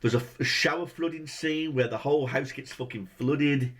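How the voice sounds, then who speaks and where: A man's voice: mid-range voice, moderate pace, a bit bright. A man ranting through a movie review, exasperated and swearing heavily, firing off rhetorical questions.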